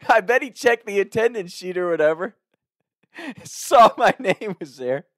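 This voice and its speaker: A man from Northern Kentucky tells a story in a relaxed, chatty way, breaking into laughter again and again. His voice sits a little high for a man and sounds close and dry. He swears casually as he talks. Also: unhurried, dry recording. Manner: laughs often, loose and profane.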